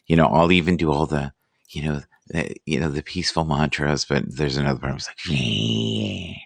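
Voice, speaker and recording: A man hosting a casual live morning chat, musing and self-deprecating, reading out sayings slowly. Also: rumbling low, fairly even intonation, dry recording.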